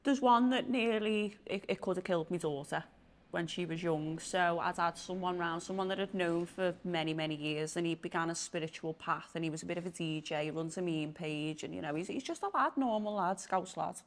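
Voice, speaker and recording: A woman's voice: on the low side, a little fast. A woman, a podcast guest who tells her stories casually and with animation, acting out the people in them. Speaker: podcast guest, spiritual practitioner. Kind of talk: casual storytelling in an interview.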